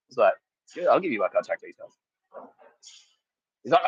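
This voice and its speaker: A man's voice: medium pitch, quick pace, pauses often, slightly rough, dry recording. Male podcast host, laughs and swears through a rambling story, dry and slightly dull close recording. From Australia. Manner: rambling, laughing, swearing, acting out quotes loudly. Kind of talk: casual comedic storytelling.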